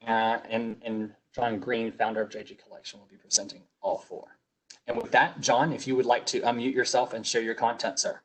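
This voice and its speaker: A man's voice: medium pitch, steady tone, a little fast, a little hiss or hum, low-quality recording. A man with a Southern US accent hosting a webinar over a video call, reading announcements politely with frequent fillers, a little sick. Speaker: webinar host.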